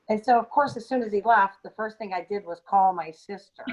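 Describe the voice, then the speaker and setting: Woman co-host, middle pitch, unscripted storytelling, halting delivery, dull lo-fi recording. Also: a little mellow. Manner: hesitant, many ums and restarts. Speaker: podcast co-host. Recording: dull lo-fi audio.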